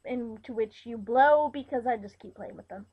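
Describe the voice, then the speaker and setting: Young woman, vlogger, high-pitched, teasing, laughing often, dull lo-fi audio. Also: normal speed. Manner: giggly, playful, teasing. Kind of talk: casual chat.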